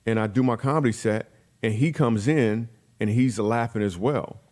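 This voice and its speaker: A middle-aged man, a comedian, telling lively comic stories in a podcast interview and acting out the people in them. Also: on the low side, moderate pace. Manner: animated storyteller acting out quoted voices. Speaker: guest comedian.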